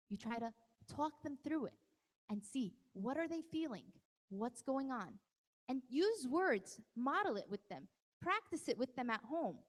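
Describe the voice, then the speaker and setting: A woman's voice: a little high, lively intonation, a little slow. A woman presenting a parenting workshop to a live audience, talking conversationally and teasing people in the crowd by name. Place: large hall at a live event. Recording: long hall reverb.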